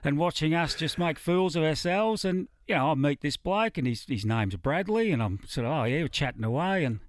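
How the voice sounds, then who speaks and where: Australian man, middle-aged, laconic storyteller, slightly high voice, dry close sound. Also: expressive, brisk, no echo. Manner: laconic, dry yarn-spinning. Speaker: musician guest. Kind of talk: casual radio interview, storytelling.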